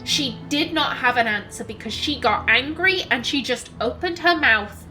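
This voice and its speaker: A woman telling a personal story in an emotional, halting way. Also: high-pitched, lively intonation, bright, forceful tone, soft background music, low-quality recording. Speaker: gaming channel host.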